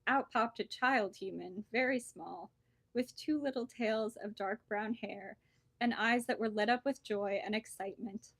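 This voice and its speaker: A woman bookseller reading a children's storybook aloud with lively, expressive storytelling. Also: on the high side, unhurried, dry recording.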